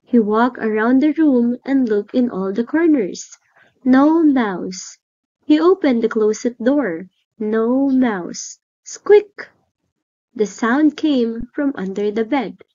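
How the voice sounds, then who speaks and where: A woman reading a children's picture book aloud slowly and clearly. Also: on the high side, warm tone, lo-fi sound. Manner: slow, clear storybook reading. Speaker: storyteller. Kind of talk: children's read-aloud narration.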